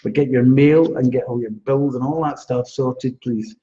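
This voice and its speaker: A man's voice: normal speed, warm tone, a little hiss or hum. A man giving psychic readings to viewers on a live stream, chatty and reassuring, laughing often. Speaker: psychic astrologer. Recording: dull low-fidelity live stream.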